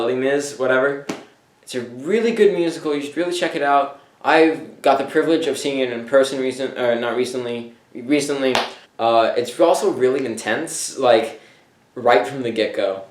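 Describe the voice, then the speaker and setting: A man with an ordinary mid-range voice tells a story in a loose, joking way, packed with fillers and quick throwaway impressions of characters. The sound bounces around a roomy, echoey space. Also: medium pitch. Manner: rambling, filler-heavy, slips into offhand character voices. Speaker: vlog host reviewing a musical. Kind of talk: casual humorous plot recap. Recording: echoey room.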